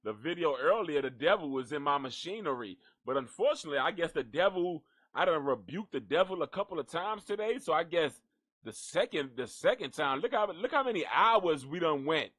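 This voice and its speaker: Signing off from his live gossip stream, a man rambles, jokes, and swears casually, addressing a donkey that can't be seen. His voice is high, a bit bright, and brisk, with lively intonation.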